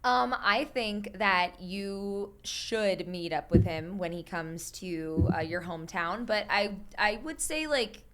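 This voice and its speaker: A woman's voice: medium pitch, lively intonation, slow, hardly any pauses, noisy background. Hesitant woman giving casual advice. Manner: hesitant, many fillers.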